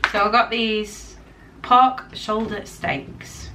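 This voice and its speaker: A woman vlogger chatting casually through her grocery haul, rambling with lots of ums and quick giggles, her throat a little dry. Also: medium pitch, fairly even intonation, far from the mic. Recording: faint noise, voice a bit off-mic.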